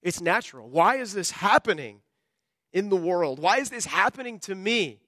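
Impassioned high-voiced male preacher. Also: very animated, normal speed, no room sound, studio quality. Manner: impassioned preaching, rising and dropping sharply in pitch and loudness. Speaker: pastor. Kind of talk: sermon.

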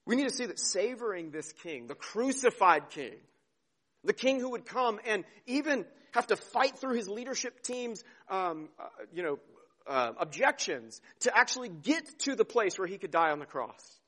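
A man preaching a sermon, earnest and heartfelt, dropping to a hush and then rising to emphasis, often repeating words as he goes. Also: high voice, very animated, normal speed. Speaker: pastor.

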